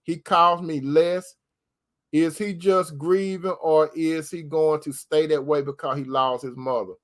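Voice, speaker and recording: A man hosting an advice talk in a preacherly way, calling listeners brother and stretching key words slowly. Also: a little high, steady tone. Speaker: host giving relationship advice. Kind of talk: preacherly advice talk reading viewer comments.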